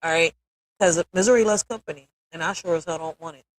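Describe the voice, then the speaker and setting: A woman's voice: on the low side, quick pace, dry recording, rough recording. Blunt, profane woman live streamer. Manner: blunt and profane, repeats "all right?"; emphatic, builds to forceful peaks. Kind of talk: emotional live stream commentary.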